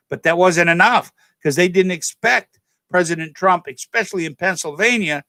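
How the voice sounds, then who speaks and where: A man's voice: a little high, a bit bright. A man with a slightly raised voice delivers a loose, rambling monologue to his channel's viewers. He keeps circling back to his points, repeating and correcting himself as he goes, and calls his listeners "folks." The sound is dry and close, with almost no room echo. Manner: addresses viewers directly as "folks". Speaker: channel host. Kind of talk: casual political and religious monologue to camera.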